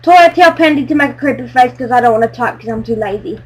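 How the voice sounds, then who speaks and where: A woman chatting excitedly while playing a building game with friends, silly and bubbly, breaking into squeals. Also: fairly high pitch, fast, husky. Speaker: gamer playing on a friend's server. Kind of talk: excited let's-play chatter.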